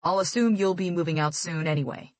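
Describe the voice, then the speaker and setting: A woman's voice: lowish voice, brisk, no room sound, lightly acted. A woman voicing a stern middle-aged male football coach who gives curt, commanding orders.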